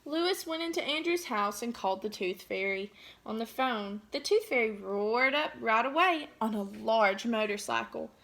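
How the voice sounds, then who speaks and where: A woman teacher reading a picture book aloud to children, pausing to ask gentle questions. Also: fairly high pitch, animated, vocal fry, slight background noise.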